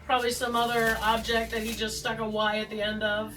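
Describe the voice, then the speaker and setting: A woman's voice: a little high, completely flat delivery, a little fast, far from the mic, background noise. A woman hosting a tarot video, chatting in a rambling, joking, self-deprecating way with plenty of asides. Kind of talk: rambling casual chat. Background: faint background music.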